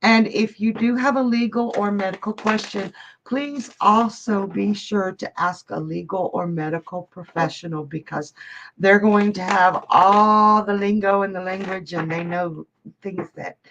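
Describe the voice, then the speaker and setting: A woman's voice: mid-range voice, normal speed, a bit bright, dull audio, a little hiss or hum. A woman hosting a live psychic stream, chatting bubbly with viewers and laughing often. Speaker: psychic hostess. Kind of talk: live-stream chat reading viewer comments.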